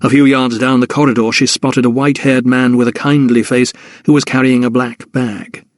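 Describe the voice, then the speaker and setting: In a studio-quality recording with no room sound, a man with a medium-pitched voice reads scripted audiobook narration in an even, measured storytelling style.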